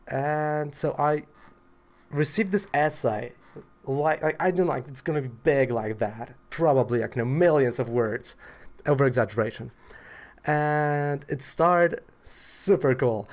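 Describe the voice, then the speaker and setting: A man's voice: fairly high pitch, unhurried. A man from Poland tells a story in a casual vlog, rambling with lots of fillers in a wry, exasperated way. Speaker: trading card seller telling a story.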